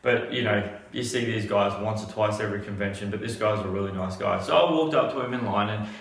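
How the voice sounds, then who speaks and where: A man's voice: on the low side, a little fast, fairly bright tone. A man telling a casual story, rambling with many restarts. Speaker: vlogger. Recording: echoey room.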